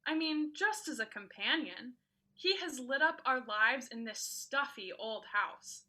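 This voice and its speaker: A woman's voice: sits high, lively intonation, measured pace, sharp tone, exaggerated voice. A woman playing a coy lovestruck young maid. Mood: dreamy. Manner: confiding, coy.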